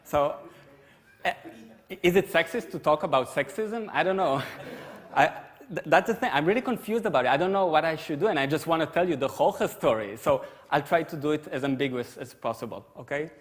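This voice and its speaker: A man's voice: fairly high pitch, expressive, brisk, big-room sound. A man giving a humorous conference talk, chatty and self-deprecating, full of restarts and little asides. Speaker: conference speaker. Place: lecture hall at a conference.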